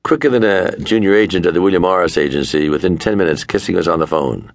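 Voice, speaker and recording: An older man with a gravelly voice, narrating his own memoir in a wry manner, at times dropping to a murmur. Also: deep voice, quick pace. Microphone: close studio mic.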